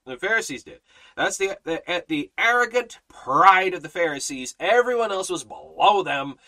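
A man's voice: fairly high pitch, sharp tone, rough recording. A man teaching a Bible study in a sermon style, emphatic, repeating phrases and restarting often.

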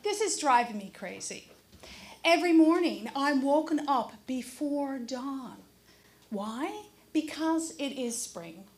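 A middle-aged woman telling a funny personal story on stage to a live audience, animated and acting out the crows' caws. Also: sits high, slow. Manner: animated, mimics crow caws.

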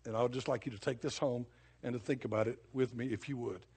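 A husky-voiced older man delivers a sermon like he is talking across a kitchen table. His homespun storytelling keeps breaking into sudden emphatic punches, then drops back to plain talk. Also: medium pitch, fairly even intonation, fast, darkish tone. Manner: folksy, conversational storytelling with sudden bursts of emphasis. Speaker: preacher.

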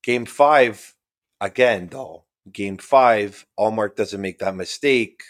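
A man's voice: lowish voice, slow pace. A man co-hosting a casual sports podcast, talking emphatically, ranting and swearing freely. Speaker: podcast co-host.

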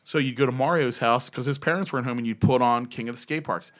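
A man in his fifties telling an excitable, profane story in a casual podcast chat. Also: medium pitch, quick pace. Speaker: former BMX rider telling a story.

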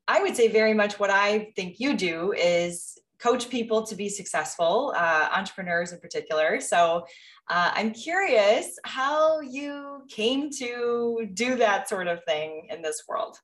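A woman hosting a podcast interview, asking relaxed questions with frequent fillers. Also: medium pitch, a little slow. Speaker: podcast host.

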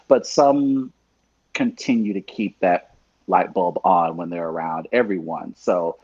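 A man's voice: low voice, measured pace, darkish tone, slightly rough, no echo, dull audio. A man co-hosting a podcast from a cold room, asking curious, probing questions in casual chat. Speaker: podcast co-host. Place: cold room in New York.

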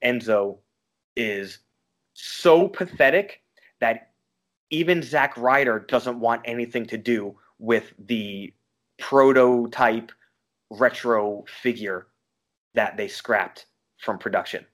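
Long island guy on a podcast, swearing a lot, rambling rants, normal middle pitch. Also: slow, a bit bright. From Long Island, New York. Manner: profane, ranting, riffing. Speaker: podcast co-host. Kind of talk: casual chat.

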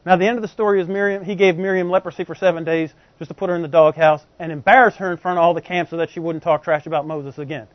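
A man's voice: on the high side, fairly even intonation, fast talker, hardly any pauses, no room sound. A man preaching a sermon in a conversational way, constantly asking the congregation rhetorical questions. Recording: dull, dry lo-fi recording.

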